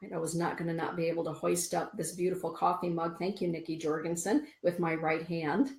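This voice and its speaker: A woman's voice: lowish voice, level tone, fairly quick, gravelly, echoey room. Chatty woman reading oracle cards. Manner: warm, chatty, reads cards aloud to listeners. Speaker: radio show host and card reader. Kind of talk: spiritual radio show, oracle card readings.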